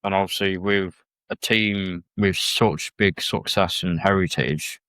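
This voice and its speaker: A man with a very deep voice chatting as a podcast guest, speaking plainly and pausing with fillers. The sound is dry and close, with no room echo. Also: fairly even intonation, fairly bright tone, clear, resonant tone. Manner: plain-spoken, hesitant, with fillers. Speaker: guest presenter. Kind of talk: casual podcast chat.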